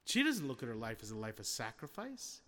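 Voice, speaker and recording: A man's voice: medium pitch, huge pitch swings, a little fast, fairly bright tone, long reverb tail. A man preaching a sermon in a conversational way, asking the congregation questions and acting out little scenes. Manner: conversational, with rhetorical questions and acted-out quotes.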